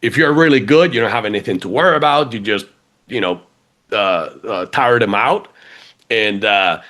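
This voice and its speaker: A man's voice: lowish voice, normal speed. A man with an accent, talking casually and at length as a business podcast guest, with many restarts. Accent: funky accent, non-native. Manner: chatty, animated, many restarts. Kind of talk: casual interview chat.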